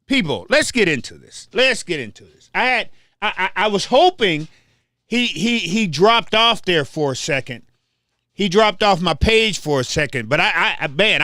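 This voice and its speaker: A man's voice: sits high, big pitch swings, normal speed, sharp tone, no room sound, studio quality. An older man hosting a livestream, ranting casually and trash-talking viewers, often repeating his words. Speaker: livestream host.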